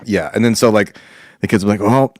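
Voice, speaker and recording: A man's voice: lowish voice, steady tone, quick pace, dry recording, clean studio sound. A man hosting a podcast in casual chat, joking and telling stories, acting out family members' voices. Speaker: podcast host.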